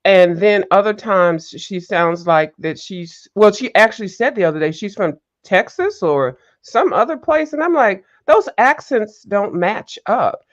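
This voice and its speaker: A woman's voice: medium pitch, a little slow, few pauses. A woman panelist gossips and cuts in during a casual online chat. Her voice comes through dull, lo-fi remote audio. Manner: animated gossiping, interjecting.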